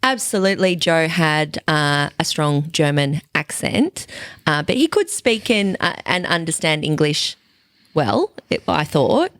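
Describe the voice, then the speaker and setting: A woman's voice: deep voice, animated, a little slow, a bit bright, no echo. A woman co-hosting a podcast in casual chat, with a chatty, laughing manner and some casual swearing. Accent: Australian. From Australia. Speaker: podcast co-host.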